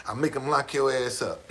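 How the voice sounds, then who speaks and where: Husky, animated man telling stories. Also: on the high side. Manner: animated, repetitive, profane. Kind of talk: casual storytelling to a small group.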